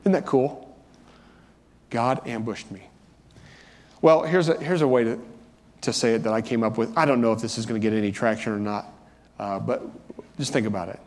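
A man's voice: medium pitch, moderate pace, pauses often. A man pastor preaching a sermon in a church, talking conversationally and lifting his voice for emphasis. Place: church sanctuary. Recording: long reverb of a church hall.

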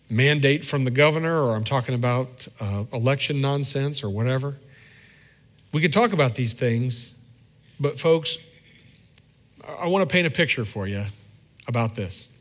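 A middle-aged man preaching a sermon as pastor, candid and self-deprecating, acting out little quoted scenes in a conversational way. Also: medium pitch.

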